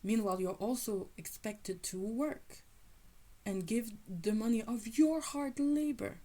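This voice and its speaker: A woman voicing God as a stern, protective male father, scolding in a husky, half-whispered tone. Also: medium pitch, a little slow, darkish tone. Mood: angry.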